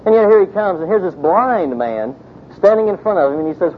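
Speaking briskly and with great animation, a man preaches in a relaxed storytelling style full of fillers and frequent "you know" asides. His voice comes through tinny, as if over a phone, with vehicle rumble in the background.

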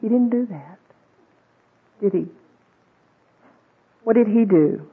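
This woman's medium-pitched voice has a breathy edge, and she takes her time. Teaching the Bible conversationally to a women's group, she poses questions, acts out quoted voices, and uses fillers and restarts; the old recording sounds tinny and phone-like.

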